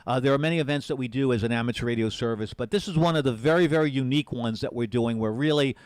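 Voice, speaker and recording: A man at a desk mic hosts a live-streamed amateur radio event. His voice is smooth and resonant at a middle pitch. He talks earnestly and rambles, doubling back over his words, and the sound is dry and close. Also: fast, darkish tone, no room sound. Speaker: amateur radio special event station host. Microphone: desk mic with push to talk.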